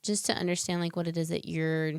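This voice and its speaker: A young adult woman speaks as a podcast guest, earnest and a little rambling. Her voice sits low with a gravelly fry, yet stays smooth and resonant. The sound is dry and close. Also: fairly even intonation, a little fast, dry recording. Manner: earnest, talks in long winding explanations with fillers. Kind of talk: casual interview conversation.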